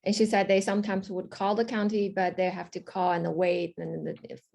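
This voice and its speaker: Soft-spoken woman with a gravelly edge. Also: medium pitch, flat delivery, fairly quick. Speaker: interviewer, researcher. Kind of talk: interview questions.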